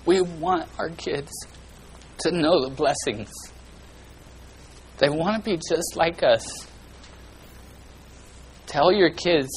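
A man preaching a sermon in a folksy, earnest way, swinging between loud and hushed delivery. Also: a little high, takes it slowly, pauses often, a little hiss or hum, rough recording. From California.

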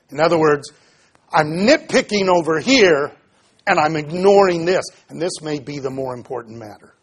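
A male pastor with a slightly high, husky voice preaches a sermon. He reads scripture passages aloud and then unpacks them in a conversational way, with pauses and filler words. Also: animated. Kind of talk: expository sermon.

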